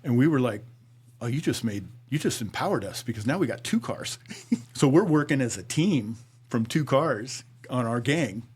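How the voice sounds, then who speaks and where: A middle-aged man, a former police officer, telling his story to a podcast host, acting out dialogue and sinking low and quiet at grave moments. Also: expressive, normal speed, slightly rough. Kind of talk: conversational storytelling.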